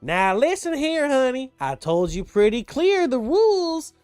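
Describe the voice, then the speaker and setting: A man's voice: very high voice, big pitch swings, measured pace, darkish tone, smooth, no room sound, soft background music, voice pushed up, full character voice. A man voicing a sly female halfling goddess who puts on a sweet Southern accent and calls the listener sugar. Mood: coaxing. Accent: American Southern (put on). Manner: syrupy, coaxing, calls the listener sugar and honey.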